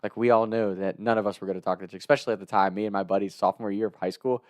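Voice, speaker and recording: A man in his twenties telling a story in a casual, chatty way, laughing between lines and doing loud voices for his friends. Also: fairly low pitch, steady tone, rapid-fire, no room sound, clean studio sound.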